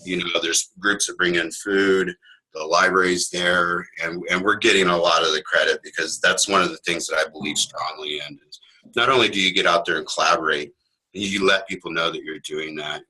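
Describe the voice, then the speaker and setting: A man's voice: low-pitched, fairly even intonation, normal speed, bright, forceful tone, breathy edge, rough recording. A middle-aged man from Kansas, a librarian giving a casual webinar talk, rambling and self-deprecating with many fillers.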